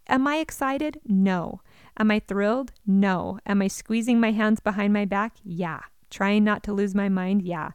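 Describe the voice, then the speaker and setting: A woman's voice: mid-range voice, a little slow, smooth, no echo, studio quality. A woman giving parenting advice, speaking earnestly and encouragingly straight to the listener. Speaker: parenting educator.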